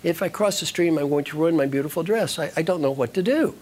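A man's voice: a little high, fast, a little mellow, voice pushed up, close to an everyday voice. A man voicing a distressed young woman in a silk dress in a told story. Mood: worried. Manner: pleading, fretful.

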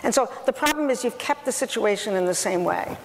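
A woman's voice: medium pitch, lively intonation, brisk. A woman co-presenting a negotiation workshop, explaining tactics with quoted example phrases. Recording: noisy recording in a reverberant hall.

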